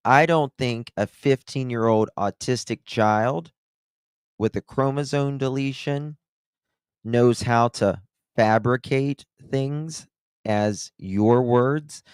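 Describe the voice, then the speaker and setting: A man's voice: mid-range voice, takes it slowly, clean tone, no room sound, studio quality. A male channel host giving sarcastic, incredulous commentary on played clips. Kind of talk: reaction commentary.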